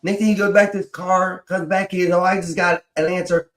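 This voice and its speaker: A man with a fairly high voice tells a personal story in a relaxed, casual way. He swears freely and laughs as he goes. His voice sounds roomy, with a clear echo around it. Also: a little fast. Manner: animated, swears freely, laughs while telling.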